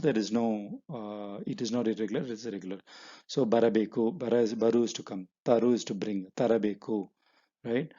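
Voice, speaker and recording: Guy teaching a language class super fast, dark mellow voice, kinda dull lo-fi sound. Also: mid-range voice. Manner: explains step by step, switching between English and Kannada examples; many fillers and restarts, repeats each example. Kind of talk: spoken language lesson.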